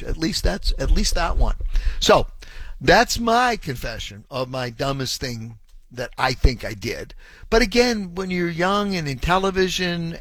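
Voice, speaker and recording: A man in his sixties who hosts a call-in radio show tells a long, rambling anecdote full of ums and chuckles. His voice is on the high side and a bit bright, and the recording is dry.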